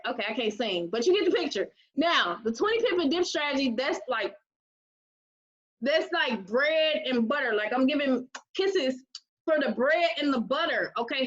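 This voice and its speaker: High-voiced woman giving a lively pitch. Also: dull audio. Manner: lively, chatty, talks straight to viewers with many "okay?" asides. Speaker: team recruiter presenting a trading program. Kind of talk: motivational live-session pitch.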